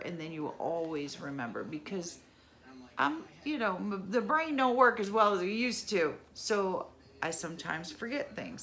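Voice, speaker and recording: A woman's voice: mid-range voice, a bit bright. A middle-aged woman chatting casually as she unboxes a subscription box, exclaiming over each item. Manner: chatty, exclaims over items, laughs at own mispronunciation. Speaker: unboxing vlogger.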